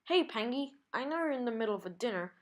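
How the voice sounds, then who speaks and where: A brash, chatty female clown villain from a comic book, playful and rushed, as a woman reads her lines aloud. Her patter comes quick and teasing, in a plain read-aloud voice. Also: fairly high pitch, lively intonation, close to an everyday voice.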